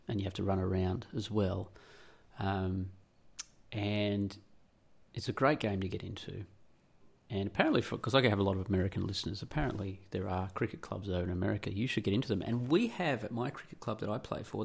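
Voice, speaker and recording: An Australian man hosts a podcast, delivering a rambling, blunt, opinionated monologue in a casual style and swearing freely. His voice sits on the low side and is creaky and slightly rough.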